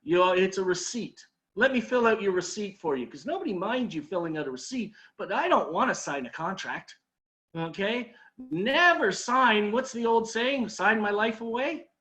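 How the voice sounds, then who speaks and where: A man's voice: sits high, lively intonation, moderate pace, fairly bright tone. A man leading a sales training talk, telling an anecdote and acting out his customers' lines, with emphatic repeated advice.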